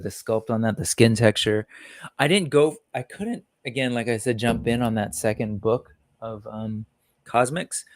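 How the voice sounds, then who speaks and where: A man hosts a laid-back live stream, greeting viewers in the chat by name. His voice has a gravelly edge. The sound is dry and close. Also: medium pitch, dry recording. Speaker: livestream host. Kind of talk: casual livestream chat.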